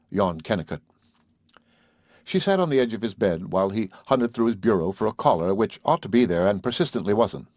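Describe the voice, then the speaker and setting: A man narrating an audiobook of a classic novel in a measured, clear way. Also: on the low side, animated, a little mellow, no echo, clean studio sound.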